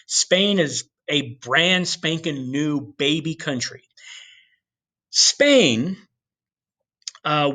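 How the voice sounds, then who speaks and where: A man giving a history lecture in an animated storytelling way, with casual asides to the class. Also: fairly high pitch. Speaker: history teacher.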